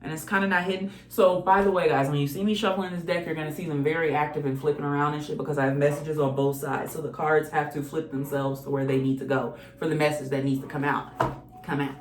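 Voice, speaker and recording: A woman's voice: deep voice, steady tone, fast. Blunt, swearing tarot reader woman. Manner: blunt, swearing, sings song snippets. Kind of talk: casual tarot reading. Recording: echoey room with faint music.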